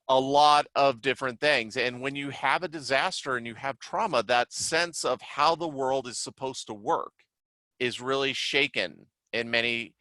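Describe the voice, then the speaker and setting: Bright-voiced man giving a casual lecture. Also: medium pitch, no room sound, rough recording. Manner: conversational, many "like" fillers, lively retelling. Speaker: CERT trainer and psychiatrist.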